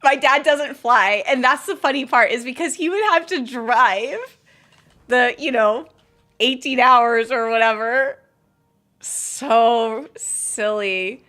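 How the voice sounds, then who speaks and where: High-voiced giggly woman streamer. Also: slow. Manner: giggly, excitable storytelling. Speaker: game streamer. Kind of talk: casual chat.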